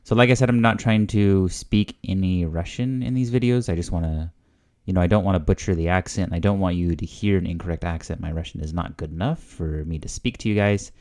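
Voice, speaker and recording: A man's voice: low voice, fairly quick, a little mellow. A man learning a language on video, thinking aloud in a casual, hesitant way with lots of fillers and guesses.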